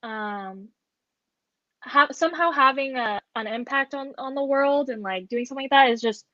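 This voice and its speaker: A woman's voice: high-pitched, moderate pace, pushed and bright, dry recording. A young woman co-hosting a podcast, telling a story in casual chat with lots of filler words. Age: young adult. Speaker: podcast co-host. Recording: dull lo-fi dry sound.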